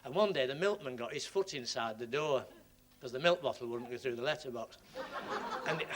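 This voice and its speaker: A man's voice: mid-range voice, a little fast, a bit bright. A male stand-up comedian, telling meandering jokes and chuckling at them.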